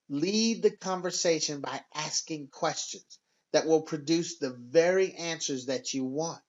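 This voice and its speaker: A man giving a scripted sales training narration in an instructive, measured and emphatic way. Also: a little high, a little mellow, muffled recording.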